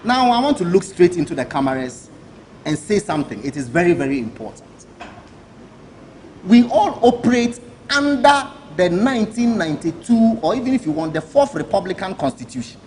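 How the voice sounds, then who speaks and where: A Ghanaian-accented government minister delivers an emphatic press briefing packed with rhetorical questions, chuckling as he tells anecdotes. His voice is high-pitched, very animated, and a little mellow, at a moderate pace. The audio is poor, with a little hiss or hum.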